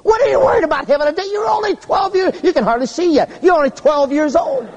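A man preaching a humorous sermon, telling stories in an animated way and jumping to squeaky high tones for effect. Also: fast, raised voice, long reverb tail, highs cut off.

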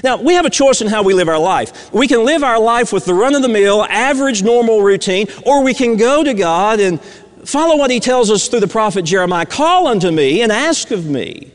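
A man's voice: high voice, animated, fairly quick. A man preaching a sermon, earnest and repeating phrases for emphasis. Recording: long reverb of a large hall.

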